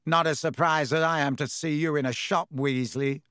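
A man's voice: a little high, fairly even intonation, normal speed, a bit bright, smooth, no echo, clean studio sound, lightly acted. A man voicing a spiteful, snobbish schoolboy wizard who drawls his taunts. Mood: taunting.

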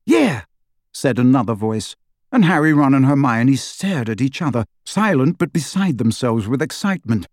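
Lively audiobook reader; dry, close recording. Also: mid-range voice, moderate pace, no room sound. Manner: expressive storytelling. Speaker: audiobook narrator. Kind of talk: scripted narration.

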